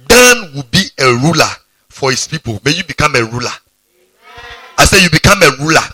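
A pastor preaching a sermon, breaking into sudden high exclamations. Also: male voice, very animated, brisk, sharp tone, husky.

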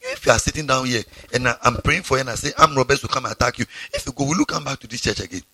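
A male pastor preaches a sermon, his gravelly voice swinging widely in pitch and leaping into sudden high exclamations. The tone is bright and a little husky, and the recording is dry and close. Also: very animated, very fast, no echo.

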